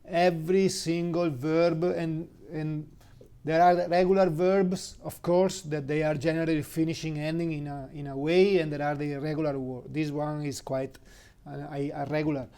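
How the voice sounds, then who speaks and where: An Italian-accented man leads a casual language lesson in a fairly high but soft, mellow voice. He talks slowly, with plenty of fillers and restarts, and spells words out letter by letter. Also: level tone, smooth. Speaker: Italian teacher.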